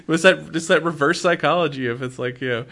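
A man's voice: fairly high pitch, pushed and bright. A middle-aged man chatting casually about a movie, retelling scenes in voices and laughing often. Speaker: movie podcast co-host. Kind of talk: casual chat.

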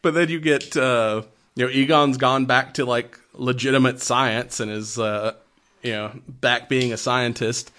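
A man in casual movie talk, loose and profane, breaking into laughter between his points. His voice sits at an ordinary middle pitch, and he talks at an easy, rambling pace. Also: fairly even intonation, unhurried, pushed and bright.

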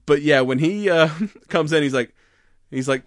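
A man's voice: fairly high pitch, normal speed, no echo, clean studio sound. A man co-hosting a podcast, retelling a film in casual chat, laughing often and acting out its lines. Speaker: podcast co-host.

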